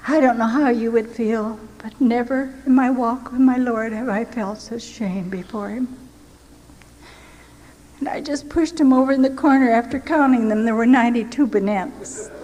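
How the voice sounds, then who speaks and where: A woman's voice: on the high side, normal speed, darkish tone. An older woman from the United States giving a heartfelt personal testimony as a missionary, earnest and sometimes sinking to a near-whisper. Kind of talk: emotional personal storytelling. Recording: long hall reverb, faint background hiss.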